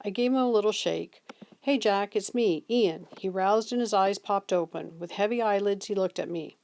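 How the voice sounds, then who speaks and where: A woman reading a novel aloud in steady first-person narration. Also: medium pitch, brisk, vocal fry. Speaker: reader.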